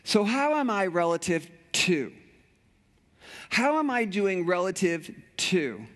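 A man's voice: high voice, very animated, slow pace, fairly bright tone. A middle-aged male pastor preaching a sermon with passion, repeating phrases and often restarting sentences.

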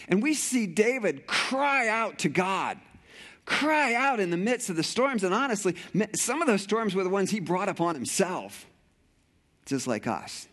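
Impassioned pastor preaching, higher voice. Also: male voice, a bit bright. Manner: impassioned, repeats phrases, many restarts. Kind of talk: sermon.

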